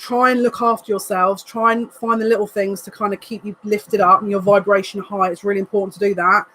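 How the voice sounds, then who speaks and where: Excitable woman giving a live card reading. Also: medium pitch, a little fast, a little hiss or hum, low-quality recording. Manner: excitable, emotional, breathless asides. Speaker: psychic tarot reader.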